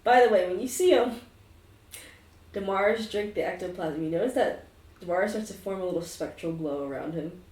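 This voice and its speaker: A woman narrating as game master of a tabletop game on a livestream, playful and quick to laugh. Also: lowish voice, darkish tone. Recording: roomy sound from a distant mic.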